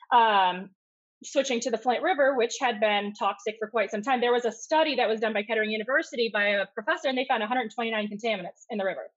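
A middle-aged woman with a mixed Southern and Michigan accent, telling stories quickly and animatedly as a guest on a call. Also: a little high, lo-fi sound. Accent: mix of Southern US and Michigan. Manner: fast-talking, lively, acts out voices in anecdotes. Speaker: guest, community activist. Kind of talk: casual storytelling on a call. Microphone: video call.

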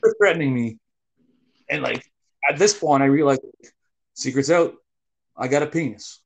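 A man telling a story in casual talk, swearing often and breaking into loud yelled bits. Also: mid-range voice, moderate pace, vocal fry, breathy edge. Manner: animated, swears a lot, bursts of yelling when quoting. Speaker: podcast co-host telling a story.

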